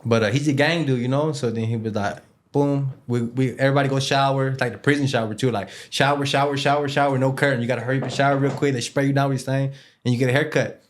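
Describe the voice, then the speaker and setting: A man's voice: medium pitch, fairly even intonation, fast talker, a little hiss or hum. Man telling a slangy, rambling prison story. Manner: loose street slang with Spanish words mixed in; rambling, with many fillers and repeated words. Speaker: interview guest. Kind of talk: casual storytelling.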